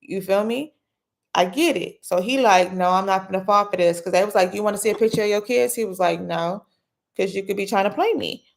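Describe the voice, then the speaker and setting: A woman hosting a casual late-night commentary, retelling a case in a chatty, animated way with slangy asides. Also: medium pitch, fairly quick, gravelly. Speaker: commentary host.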